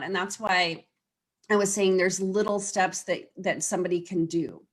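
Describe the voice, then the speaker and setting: Woman guest coach, low-ish pitch, earnest and chatty. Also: steady tone, normal speed. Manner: earnest, explains with quoted client voices. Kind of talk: casual interview conversation.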